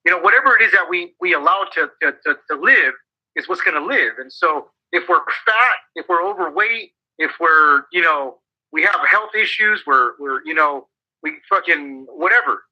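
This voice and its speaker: A man's voice: on the high side, expressive, moderate pace, dull audio. A man co-hosting a podcast, talking in a profane, emphatic way and often repeating himself as he drives a point home. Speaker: podcast co-host. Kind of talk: casual motivational chat.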